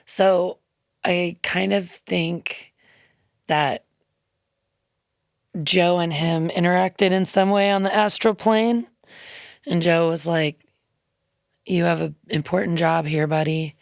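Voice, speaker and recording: A woman with a low, gravelly voice tells a heartfelt story, chatty and loose, full of ums and little quoted asides. She is a guest in a radio studio, and her voice sounds dry and close to the mic. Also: fairly even intonation, slow pace, pauses often, no echo. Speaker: musician guest. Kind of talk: casual interview storytelling.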